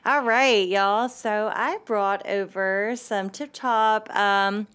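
A woman guest-hosting a casual drink-tasting chat, bubbly and quick to laugh. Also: mid-range voice, steady tone, a bit bright, clean tone. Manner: bubbly and giggly. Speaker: guest host.

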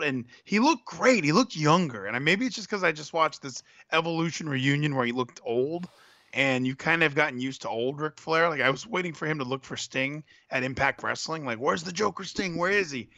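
A candid, sentimental man chatting casually and rambling through his thoughts. His voice is bright and sits a bit high, with a dry, close sound. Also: dry recording. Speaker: podcast co-host. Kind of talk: casual wrestling chat.

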